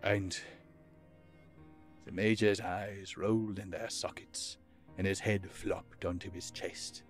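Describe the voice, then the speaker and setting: A man narrating a fantasy audiobook in a measured, expressive storytelling manner. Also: low-pitched, faint music behind.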